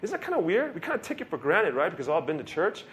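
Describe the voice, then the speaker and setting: A young man preaching a casual, conversational sermon, animated and often asking his listeners questions. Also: on the high side, very fast. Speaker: pastor.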